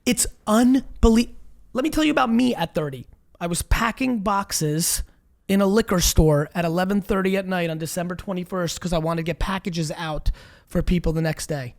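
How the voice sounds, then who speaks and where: A man's voice: high voice, moderate pace. A man hosting an interview show, talking bluntly and emphatically, swearing and urging his guest on. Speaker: show host. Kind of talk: energetic interview talk.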